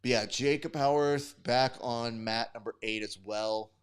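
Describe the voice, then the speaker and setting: A man with a smooth, clear voice at a mid pitch, hosting a live stream into a desk mic. He calls results and reads chat in a loose, profane, joking way. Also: unhurried. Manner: casual, profane, bantering with chat. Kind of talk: live sports commentary and chat reading.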